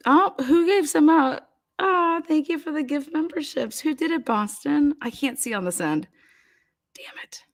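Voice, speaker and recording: A woman's voice: high voice, lively intonation, normal speed. A woman hosting a true crime live stream, chatting casually, laughing often and swearing loosely.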